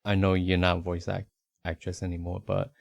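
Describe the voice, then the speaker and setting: Man, very deep gravelly voice, dry close sound, curious, eager reactions, podcast co-host. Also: completely flat delivery, brisk, dry recording, highs cut off. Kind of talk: casual chat, interviewing.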